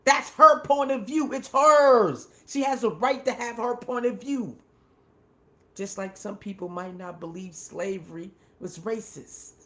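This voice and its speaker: A man's voice: high-pitched, measured pace, a bit bright. A man hosting his own commentary show, talking casually and emphatically with slang, often repeating his points. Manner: slangy and informal. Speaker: commentary channel host.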